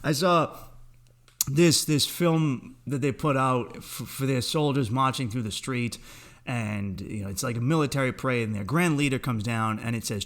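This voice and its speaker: A man's voice: mid-range voice, normal speed, a bit bright. A man in his thirties hosting a podcast, ranting alone in a comedic way, swearing freely and laughing at his own jokes. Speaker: podcast host. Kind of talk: solo comedic rant.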